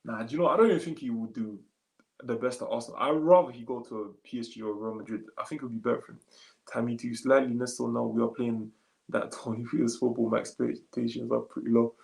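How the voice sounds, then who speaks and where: A man, a little tired, chatting casually on a live stream and reading comments aloud in relaxed slangy talk. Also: medium pitch, quick pace, vocal fry, echoey room, poor audio. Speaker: streamer answering chat.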